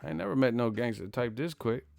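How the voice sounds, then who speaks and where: A man's voice: medium pitch, fast talker, gravelly, darkish tone, no echo. A man hosting a boxing vlog who rants casually in heavy street slang, cursing, repeating himself and laughing often. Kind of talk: casual profane rant.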